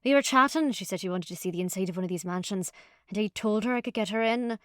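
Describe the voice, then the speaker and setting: A woman's voice: mid-range voice, fast talker, clean tone, no room sound, lightly acted. A woman voicing a wounded young man who speaks dryly and sarcastically, in an audiobook. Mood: wry. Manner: dry and sarcastic.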